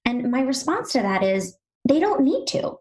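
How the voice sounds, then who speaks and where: A woman speech-language pathologist co-hosting a podcast, chatting quickly and animatedly with lots of "you know"s. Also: high-pitched, big pitch swings, darkish tone, poor audio. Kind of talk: casual podcast chat.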